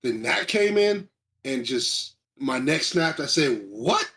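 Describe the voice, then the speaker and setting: Excited rambling male streamer. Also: on the high side, slow, vocal fry. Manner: excited, rambling, reads chat aloud. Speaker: stream co-host. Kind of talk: casual chat about video game awards.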